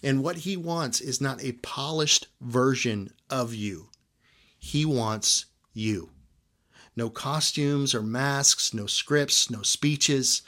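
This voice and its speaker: A male pastor delivering a sermon in a relaxed, conversational way. His pitch sits in an ordinary middle range for a man. He keeps checking in with the congregation with short "right?" asides. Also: takes it slowly. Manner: conversational preaching with frequent "right?" check-ins.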